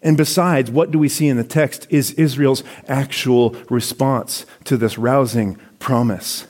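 A man's voice: mid-range voice, fairly even intonation, measured pace, a little mellow. A man giving a sermon, reading scripture passages aloud and commenting on them in a conversational preaching tone. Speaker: pastor.

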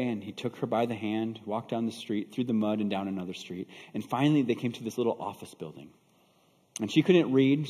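Fervent preacher with a ringing voice. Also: male voice, medium pitch, warm tone, long reverb tail. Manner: storytelling, builds to fervent preaching with rhetorical questions. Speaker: pastor. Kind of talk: sermon.

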